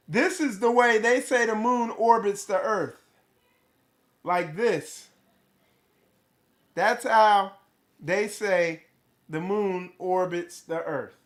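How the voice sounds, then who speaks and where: Male streamer, high voice, rambling delivery, asks rhetorical questions, swears casually. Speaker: host of a spiritual livestream. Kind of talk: casual livestream talk to viewers.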